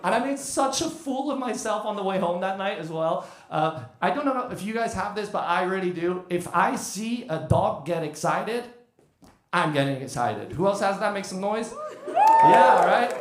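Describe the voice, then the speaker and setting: High-voiced British stand-up comedian. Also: male voice, moderate pace, echoey room, a little hiss or hum. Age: 30s. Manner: chatty, animated storytelling with crowd work. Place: comedy club stage.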